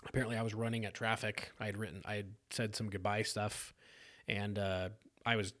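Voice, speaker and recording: A man's voice: on the low side, level tone, fairly bright tone. Regular guy from sacramento telling his story, earnest, trips over words a bit. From South Sacramento, California. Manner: earnest, halting with restarts. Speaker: podcast guest. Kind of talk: candid personal storytelling.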